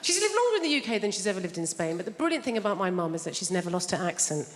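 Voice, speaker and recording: English woman doing stand-up, wry and chatty, lively up-and-down voice, big echoey hall with loud crowd. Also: medium pitch, rapid-fire. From England. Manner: wry, self-mocking, conversational. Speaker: stand-up comedian. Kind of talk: stand-up comedy set. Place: large theatre stage. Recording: live theatre hall with loud audience noise.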